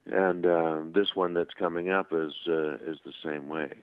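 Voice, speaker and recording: A man being interviewed as a guest actor, telling anecdotes in a casual, animated way. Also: low voice, moderate pace, smooth, no echo. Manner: animated anecdotes with voiced quotes and laughs. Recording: tinny phone line.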